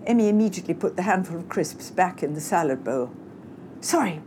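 Woman narrating with lively expression. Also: fairly low pitch, fast talker, slight background noise. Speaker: audiobook narrator. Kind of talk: scripted narration.

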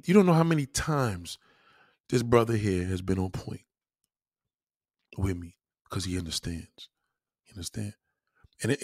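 A man's voice: mid-range voice, vocal fry, dry recording, clean studio sound. A young man hosting a livestream, ranting bluntly and profanely in casual talk, often restarting his sentences. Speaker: livestream host.

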